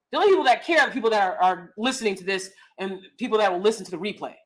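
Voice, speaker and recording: A woman's voice: medium pitch, quick pace. A woman, hosting a casual opinionated livestream, blunt and sassy, laughing often. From United States. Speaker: livestream host reading chat.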